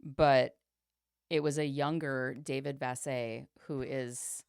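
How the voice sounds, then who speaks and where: A woman's voice: extremely low pitch, fairly even intonation, slow pace, clear, resonant tone, dry recording, clean studio sound. A woman co-hosting a casual sports podcast, rambling with plenty of ums and likes. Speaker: podcast co-host.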